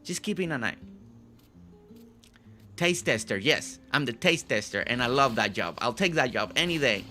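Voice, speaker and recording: A man's voice: medium pitch, expressive, normal speed, pushed and bright, soft background music. A man hosting a live game stream, chatting casually with viewers, often repeating and restarting his phrases.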